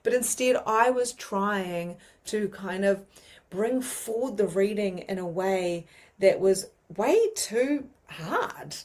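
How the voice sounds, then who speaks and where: A woman's voice: mid-range voice, slow pace. Chatty New Zealand woman teaching. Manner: chatty, animated, many fillers. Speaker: mediumship teacher. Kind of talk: casual teaching monologue.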